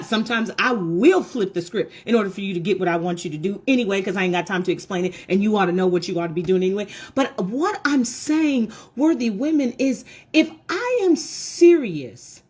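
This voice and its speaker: A woman's voice: a little high, slightly rough. A woman hosting a motivational talk for women, emphatic and preachy, with self-mocking asides to her audience. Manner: repeats words and restarts when fired up.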